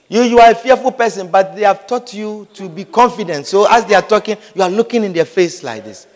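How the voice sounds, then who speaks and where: A man preaching a sermon in a lively, humorous way, acting out little scenes, repeating phrases and often asking whether his listeners understand. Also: high voice. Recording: long hall reverb.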